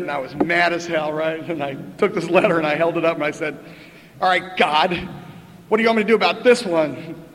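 At a twelve-step meeting, an older man with a fairly high voice for a man shares his recovery story with dry humor and a conversational rhythm. He's chatty and wry, punctuating with "right?" and laughs, while a meeting hall's long echo, faint room ambience, and slight background noise surround him.

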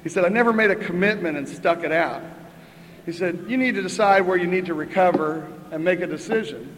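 A man's voice: high voice, fairly quick, fairly bright tone, a little hiss or hum. Wry storytelling man, echoey hall. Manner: chatty, wry, punctuates with "right?" and laughs. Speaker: recovery meeting speaker. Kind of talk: storytelling share at a twelve-step meeting. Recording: echoey hall with faint ambience.

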